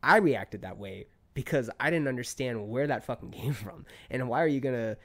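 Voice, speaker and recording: A man in his thirties, a podcast guest telling a story in casual chat, talking heatedly and swearing, his pitch climbing when he gets worked up. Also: moderate pace, a bit bright. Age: 30s.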